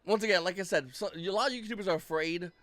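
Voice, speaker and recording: A man's voice: sits high, fast, a bit bright, no room sound. A man giving casual ranting commentary as a YouTube card-game host, blunt and profane.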